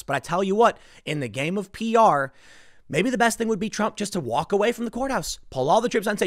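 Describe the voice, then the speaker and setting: A man's voice: high voice, very animated, fast talker, fairly bright tone, dry recording, clean studio sound. A man hosting casual political commentary, emphatic and exasperated in how he talks.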